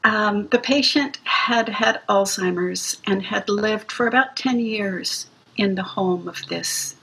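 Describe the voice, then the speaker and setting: Slow, gentle, breathy-voiced woman. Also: medium pitch, low-quality recording. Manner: gentle, slow, reflective storytelling. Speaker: music practitioner playing for hospice patients. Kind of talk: interview storytelling.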